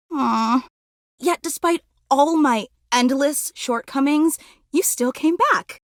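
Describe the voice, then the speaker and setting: A high, swooping voice of an obsessive superfan in a video game, gushing and apologetic, emotional and self-deprecating. She sounds close and dry, with no room around her. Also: a bit bright, no room sound. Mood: adoring. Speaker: game character.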